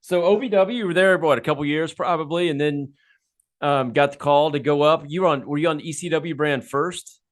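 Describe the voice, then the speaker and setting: A man's voice: a little high, a little fast. A man co-hosting an interview, reacting eagerly and laughing often. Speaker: co-host, interviewer. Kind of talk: casual interview.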